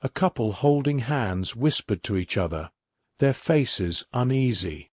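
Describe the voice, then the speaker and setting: A male narrator reading a scripted story at a mid pitch, steady and even in his delivery. The sound is dry and close, with no trace of room echo. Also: unhurried.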